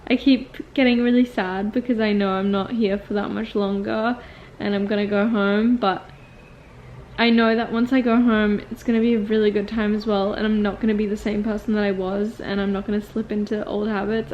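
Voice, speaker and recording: A woman's voice: mid-range voice, steady tone, moderate pace, muffled recording, a little hiss or hum. A woman in her twenties talking to her viewers in a casual confessional vlog, chatty and rambling with lots of "like" fillers. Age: 20s. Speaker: vlogger and acting student.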